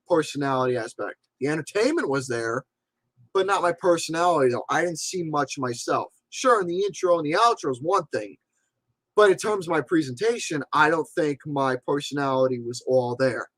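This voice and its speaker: A man in his forties speaks in an unscripted livestream monologue as a movie reviewer. His manner is blunt, profane and emphatic. His voice sits high and bright, with a dry, close sound. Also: animated, moderate pace, no echo, poor audio. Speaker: movie reviewer and channel host.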